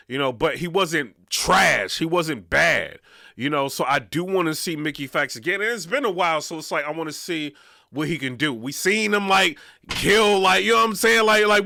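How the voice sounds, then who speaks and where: A man's voice: high voice, gravelly, bright, forceful tone, no room sound, studio quality. A man hosting a casual commentary vlog, rambling and peppering his talk with "you know what I'm saying.". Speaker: vlog host.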